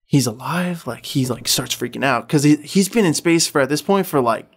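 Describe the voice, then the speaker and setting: A man's voice: fairly high pitch, animated, fairly quick, gravelly. A man hosting a podcast in casual chat, retelling a story in a rambling, profane way filled with "like". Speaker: podcast host.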